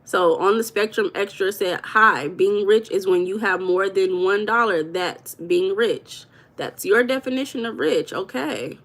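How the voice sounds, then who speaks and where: A woman's voice: medium pitch, measured pace, fairly bright tone. A woman hosting a live stream, chatting casually and reading viewers' comments aloud with an affectionate manner. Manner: affectionate, calls viewers baby.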